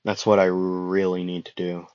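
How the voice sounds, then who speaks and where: A man's voice: deep voice, monotone, normal speed, darkish tone, dry recording, highs cut off. A young man telling a fan story in a casual, rambling, jokey way, often stopping to correct himself.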